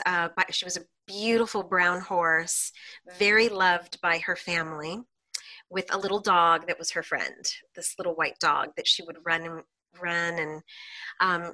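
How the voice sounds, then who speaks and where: A woman guest, a hypnotherapist, telling client stories in an animated way on a podcast and laughing often between lines. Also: lowish voice. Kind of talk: podcast interview storytelling.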